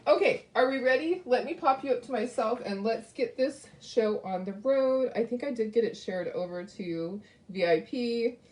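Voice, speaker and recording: A woman's voice: fairly high pitch, lively intonation, moderate pace, hardly any pauses, darkish tone. A woman hosting a casual craft livestream, talking to viewers with lots of ums and asides, grieving and close to tears. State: grieving and tearful. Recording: echoey room.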